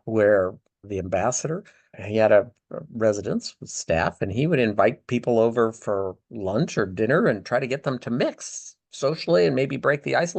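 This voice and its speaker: An older man, a former ambassador, recounting past diplomacy in a measured, explanatory way and stressing key words. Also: medium pitch, creaky, dry recording. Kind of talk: oral history interview.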